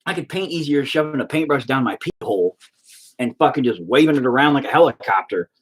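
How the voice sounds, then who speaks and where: A man's voice: mid-range voice, expressive, quick pace, husky. A man streaming live as he paints, chatting casually in a profane, exasperated rant. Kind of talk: casual livestream chat.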